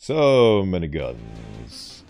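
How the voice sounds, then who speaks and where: Brief: male gaming commentator, slow and drawn out, playful grandiose asides over light music. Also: extremely low pitch, wildly swooping pitch, creaky, darkish tone. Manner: theatrical, mock-grand asides. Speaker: gaming YouTuber. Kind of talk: casual gameplay commentary.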